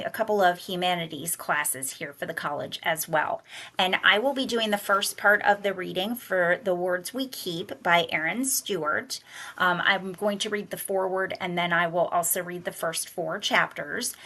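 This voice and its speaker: A woman reading a novel aloud in a measured, soft-spoken way, slowing down on the somber passages. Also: fairly low pitch. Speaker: college director and humanities teacher reading aloud.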